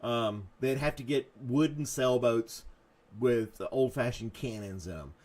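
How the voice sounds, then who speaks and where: A man's voice: medium pitch, measured pace, darkish tone. A man hosting a live morning chat show, rambling and self-mocking, with jokey asides to his dog and to viewers.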